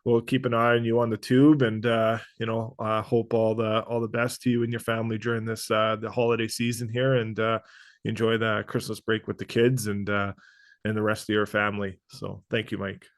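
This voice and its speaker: A man hosting a podcast, speaking earnestly and haltingly, with many pauses and restarts. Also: lowish voice, little pitch movement, no room sound. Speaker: podcast host. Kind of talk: casual interview chat.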